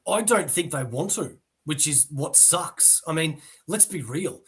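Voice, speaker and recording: A man's voice: fairly high pitch, lively intonation, unhurried, husky. An Australian man hosting a casual comics chat, giving blunt and candid opinions. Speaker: comics channel host.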